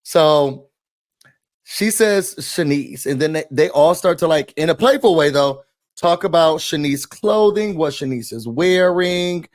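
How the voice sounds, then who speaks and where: A man's voice: fairly high pitch, expressive, measured pace, no echo, studio quality. A man recapping and ranting about a reality show in a chatty, opinionated way, full of slang and fillers. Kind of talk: casual recap and rant.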